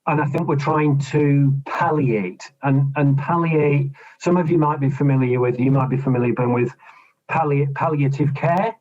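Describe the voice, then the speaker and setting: Man, union official, podcast guest, slightly high voice, repeats and restarts words, dull lo-fi sound. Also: fairly even intonation, normal speed, a little mellow. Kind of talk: podcast interview, explaining negotiation tips. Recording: dull lo-fi recording.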